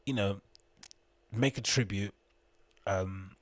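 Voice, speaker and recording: A man's voice: lowish voice, slow pace, no room sound. A young man hosting his own show, rambling casually about the news, swearing freely and joking as he goes. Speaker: podcast host.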